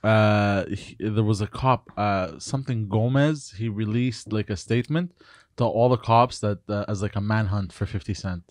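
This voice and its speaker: A man's voice: lowish voice, moderate pace, darkish tone, no echo, clean studio sound. A man co-hosting a comedy podcast, telling a story hesitantly with lots of fillers. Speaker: podcast co-host. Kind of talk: casual comedic banter.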